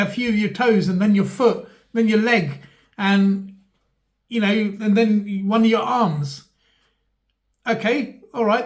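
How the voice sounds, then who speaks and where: A man, talking to camera in a rambling, mock-earnest comic monologue with many fillers. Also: high voice. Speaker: vlogger.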